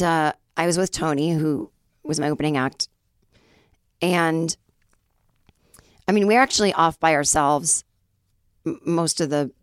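A chatty woman in her forties tells a story on her podcast, acting out the people she quotes. Her voice sits low and is slightly raspy, recorded close and dry with no room sound. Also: no echo. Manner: chatty, self-deprecating, acts out quoted voices. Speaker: podcast host. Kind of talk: casual storytelling monologue.

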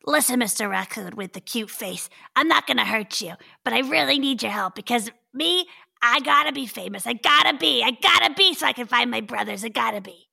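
A woman's voice: fairly high pitch, expressive, brisk, gravelly, bright, forceful tone, exaggerated voice. A woman voicing a goblin prankster in giant frog form, speaking in an earnest, pleading way.

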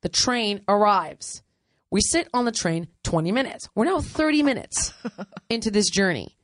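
Brief: woman podcast host, lively storyteller who laughs a lot, dry close mic. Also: medium pitch, a little slow, dry recording. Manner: animated, laughs often, acts out others' lines. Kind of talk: casual storytelling chat.

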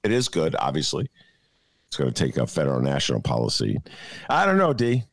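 A man's voice: rumbling low, huge pitch swings, brisk, no room sound, studio quality. A middle-aged man hosting a podcast, joking and self-deprecating in casual chat. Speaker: podcast host.

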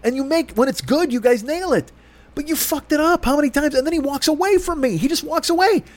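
A man's voice: extremely high pitch, a little fast. Exasperated man ranting. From Chicago. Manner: profane, exasperated, acts out both sides of the argument. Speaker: podcast host. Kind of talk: ranting storytelling.

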